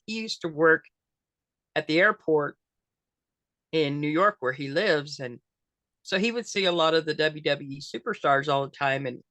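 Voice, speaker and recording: A woman's voice: sits low, a bit bright, no echo. An older woman chatting as an interview guest, rambling with lots of fillers and restarts. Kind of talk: casual interview chat.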